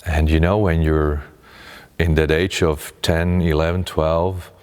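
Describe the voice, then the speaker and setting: A middle-aged man with a very low, deep voice, speaking slowly and calmly as he reflects on his life as a meditation teacher. He often restarts his sentences, and a long reverb hangs behind him. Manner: calm, unhurried, with frequent restarts. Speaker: meditation teacher and former radio presenter. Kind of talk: reflective personal talk.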